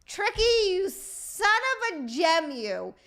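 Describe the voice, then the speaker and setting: High-pitched woman streamer, super excitable, swears a lot, voice jumps all over. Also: takes it slowly, vocal fry. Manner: excitable, swearing, laughing, reading super chats aloud. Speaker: streamer and podcast host. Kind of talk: casual livestream chat.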